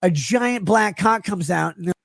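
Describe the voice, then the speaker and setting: A drunk man in a rambling stream monologue, swinging erratically in pitch and loudness. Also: expressive, moderate pace, vocal fry, dry recording, studio quality.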